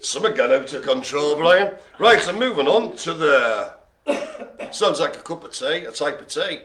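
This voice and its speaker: A man with a bright, ringing voice that swings up and down as he hosts a live bingo game. He plays the showman, jokes and chuckles between calls, and addresses the audience grandly. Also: on the high side, lively intonation, normal speed, a little hiss or hum. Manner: theatrical jokey showman who laughs often. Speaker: host calling dog bingo. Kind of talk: live comedic bingo hosting. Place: room with colleagues present.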